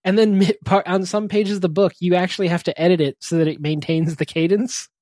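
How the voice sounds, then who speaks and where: Chuckling, halting man, dry sound. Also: sits high, fairly even intonation, a little mellow, dry recording. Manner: chuckling, halting, self-interrupting anecdotes. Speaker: podcast co-host, parent. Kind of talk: casual chat, storytelling.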